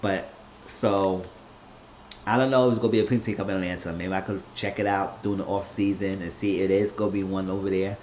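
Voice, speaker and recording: A man's voice: sits low, level tone, fairly quick, darkish tone, a little hiss or hum. A man casually recapping a TV season finale in a loose, rambling way, often restarting his sentences. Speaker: TV show recapper. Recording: roomy, dull lo-fi recording.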